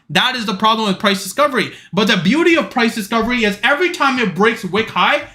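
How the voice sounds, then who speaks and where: A man's voice: sits high, pushed and bright. A man hosting a live trading stream, lecturing his viewers bluntly and swearing freely. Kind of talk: live stream talk to chat.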